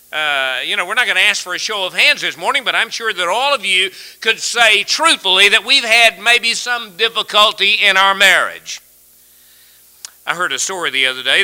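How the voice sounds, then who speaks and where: A man's voice: high voice, bright, forceful tone, poor audio. A man preaching a sermon in a folksy, earnest way, telling a humorous story to his congregation. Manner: folksy, earnest, tells stories and jokes.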